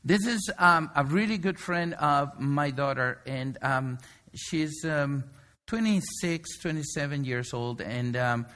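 A man's voice: a little high, takes it slowly, sharp tone. A middle-aged man preaching a sermon in a conversational way, telling a story with many fillers and restarts. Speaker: pastor.

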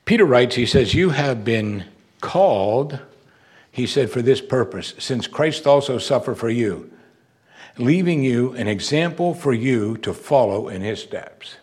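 A man's voice: animated, measured pace, a little mellow. Earnest male preacher with rising emphasis. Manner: earnest, emphatic, with rising pitch on key words. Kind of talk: sermon.

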